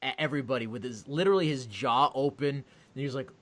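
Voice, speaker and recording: A man co-hosting a podcast, telling an animated, profane story in casual chat. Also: mid-range voice, fast. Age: adult with a daughter. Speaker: podcast co-host.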